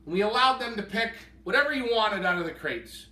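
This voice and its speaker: A man's voice: sits high, expressive, a little fast, pushed and bright. A man co-hosting a live pigeon auction, enthusiastically appraising each bird he handles. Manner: enthusiastic, appraising birds in hand. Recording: roomy sound from a distance.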